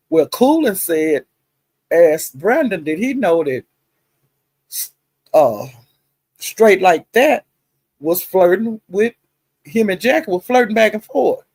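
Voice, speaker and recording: A woman with a husky, gravelly voice tells a gossip story in a casual livestream chat. She talks in an animated, chatty way, full of asides and the odd curse word. The sound is close and dry, with no room around it. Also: on the low side, dry recording. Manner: chatty, animated retelling with frequent asides and cussing. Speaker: livestream host.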